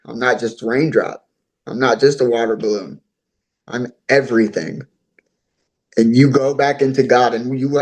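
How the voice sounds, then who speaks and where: A man's voice: medium pitch, darkish tone, low-quality recording. A man being interviewed, telling his own story in an earnest, talkative way and repeating himself often. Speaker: interview guest.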